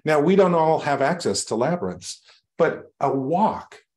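Unhurried and sing-song, with a slightly high voice, a male reverend preaches in a church sanctuary. He draws his congregation in through warm, conversational storytelling and light self-deprecating humor.

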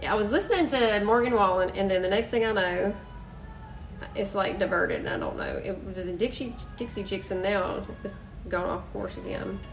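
Bubbly woman, live craft demo, a little distant from the mic, soft music in the background. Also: medium pitch, animated, normal speed, gravelly. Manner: bubbly, says "y'all" and "freaking" a lot. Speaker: craft live-stream host. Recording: voice a bit off-mic, faint music behind.

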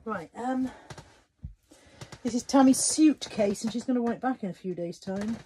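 A woman's voice: fairly high pitch, moderate pace, warm tone, a little hiss or hum. A middle-aged woman, chatting casually and mocking herself as she talks to the camera in a vlog. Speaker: vlogger.

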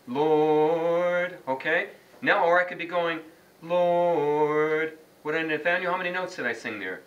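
A man's voice: fairly high pitch, expressive, quick pace, bright, forceful tone, lo-fi sound. A man teaching a class how to read chant notes, quizzing students by name and singing short examples. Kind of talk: classroom lesson. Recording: distant mic, faint background noise.

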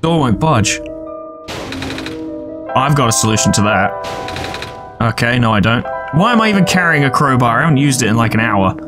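A man's voice: mid-range voice, lively intonation, moderate pace, pauses often, music in the background. A man giving casual, rambling gameplay commentary, talking to himself and swearing freely. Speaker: let's play host.

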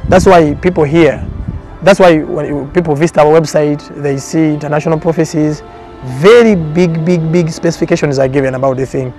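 In a documentary interview, a prophet with a slightly higher voice gives his testimony earnestly, using a repetitive preaching cadence. Soft music plays faintly beneath him.

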